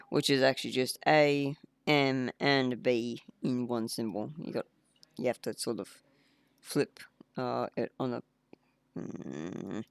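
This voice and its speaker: A man's voice: mid-range voice, creaky, clear, resonant tone, no echo. A man rambling casually on a game development livestream, laughing at himself as he clicks through files. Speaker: indie game developer streaming.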